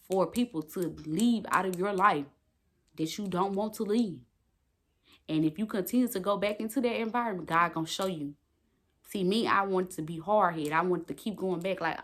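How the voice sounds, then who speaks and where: Young woman vlogging on her phone, kinda low voice, preachy, swears a lot. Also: fairly bright tone. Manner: emphatic, preachy, swears freely. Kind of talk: casual talk to camera.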